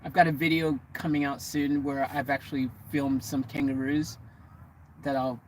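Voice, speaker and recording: A man's voice: mid-range voice, level tone, normal speed, slight background noise, poor audio. An American man vlogging from vanlife, chatting casually to camera in a meandering, self-correcting way. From United States. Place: living in a vehicle.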